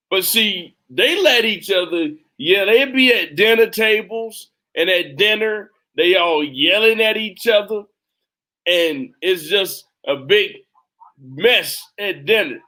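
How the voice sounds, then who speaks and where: A young man with hosts live political commentary in a high, bright, ringing voice. He talks emphatically, circling back to the same lines with a preacher's rhythm. His delivery leans hard on each point. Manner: emphatic, repeats himself, preaching cadence. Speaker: host.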